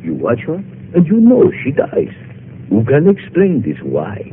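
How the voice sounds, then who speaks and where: A fretful, self-pitying dentist with a Spanish accent, whose pitch swoops wildly as he laments in broken English. It comes through as a narrow, phone-thin old radio broadcast with a faint hiss. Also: wildly swooping pitch, a little slow. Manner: melodramatic, broken English phrasing. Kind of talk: 1950s radio drama acting.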